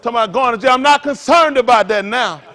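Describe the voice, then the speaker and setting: A man's voice: very high-pitched, fast, fairly bright tone. A male pastor preaching a fiery sermon, firing blunt, profane rhetorical questions at his congregation with joking asides. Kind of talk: fiery street-talk sermon.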